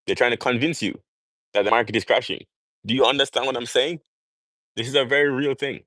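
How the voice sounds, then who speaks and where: A young man from Jamaica hosts a casual livestream and holds forth in an emphatic, preachy monologue full of rhetorical questions. His voice sits on the low side. The sound is dry and close, with no room echo. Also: fairly bright tone. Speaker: livestream host.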